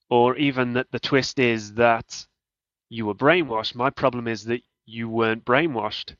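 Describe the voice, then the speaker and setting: In casual gaming talk on a podcast, a man with a medium-pitched, somewhat bright voice hesitates and restarts his sentences while working out what he wants to say. The audio is dry, dull and lo-fi.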